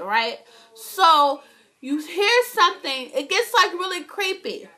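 Bright high-voiced young woman vlogger. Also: normal speed. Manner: animated, profane, keeps asking "right?". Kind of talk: casual TV recap vlog.

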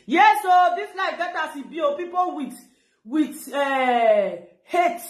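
A woman's voice: high-pitched, expressive, takes it slowly, reverberant. A middle-aged woman with a Nigerian Pidgin English accent, ranting animatedly on a live video and retelling what others said. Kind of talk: casual live-stream talk.

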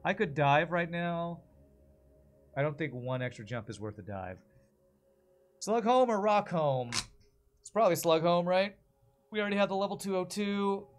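A man's voice: sits high, animated, normal speed, long pauses, faint music behind. A man casually commenting on his own gameplay on a live stream, thinking aloud and answering viewers. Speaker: game streamer.

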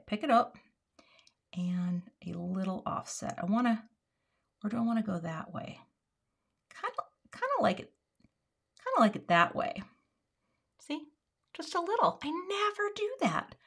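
A woman's voice: mid-range voice, a bit bright. A woman hosting a card-making livestream in casual chat, thinking aloud and dropping to murmurs while she works.

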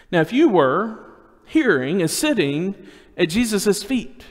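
A man with a high voice delivers a sermon in an easy, conversational way, restarting his phrases as he goes. He sometimes sinks into a hush to draw listeners in. His voice carries a long reverb through the church sanctuary. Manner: conversational, with restarts and dramatic drops to a hushed voice. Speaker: preacher.

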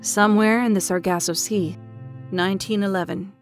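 A woman narrates a seafaring audio drama in a measured, dramatic storytelling voice at a middling pitch. Music plays clearly beneath her words throughout. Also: fairly even intonation.

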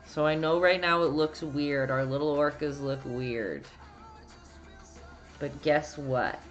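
A woman's voice: low voice, slow, dull audio, soft background music. A Canadian woman with a Canadian accent teaching a casual live-stream painting lesson, chatty, answering viewer chat and laughing often. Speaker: painting instructor.

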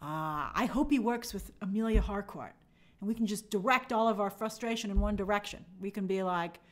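A woman hosting a movie news live stream, giving sarcastic, animated commentary and reading viewer comments aloud. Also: mid-range voice, fairly quick. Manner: animated, sarcastic, acts out quoted reactions.

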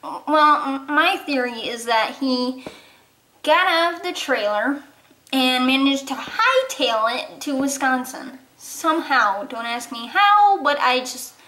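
A woman with a high, bright voice plays out a toy-horse story, taking every part herself in an unhurried, playful way. She shifts between character voices and giggles along the way. The sound bounces around an echoey room, with a faint hiss underneath. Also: expressive. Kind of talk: improvised toy-horse role-play.

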